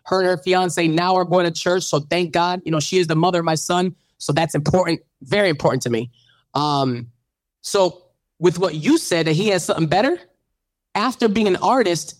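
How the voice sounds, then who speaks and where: In a dry recording, a man with a fairly high voice hosts a radio show and tells his story in an interview. His animated testimony carries a preacherly lilt that builds to fervent calls.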